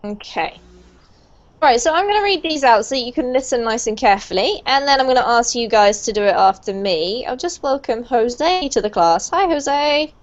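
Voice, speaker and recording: A woman's voice: fairly high pitch, animated, normal speed. Upbeat woman teaching pronunciation. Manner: upbeat, encouraging, praises often. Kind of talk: online group pronunciation lesson. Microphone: video call. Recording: dull lo-fi video call audio.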